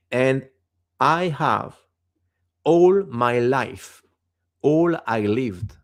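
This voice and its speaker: A native French-speaking man in his fifties from France, with a Quebec French accent and a fairly low voice, is an interview guest in casual conversation. His English is halting, and he searches for words.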